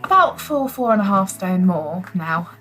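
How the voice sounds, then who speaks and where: A woman's voice: mid-range voice, sing-song, normal speed, fairly bright tone, soft background music. A young British woman speaking candidly and hesitantly to her camera, with many fillers. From Britain. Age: young adult. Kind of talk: self-filmed documentary confession.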